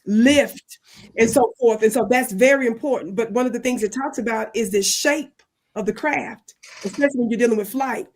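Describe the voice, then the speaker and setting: A woman's voice: a little high, normal speed. A woman speaking as a spiritual teacher on a panel, earnest and encouraging in a teacherly way. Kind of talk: panel discussion.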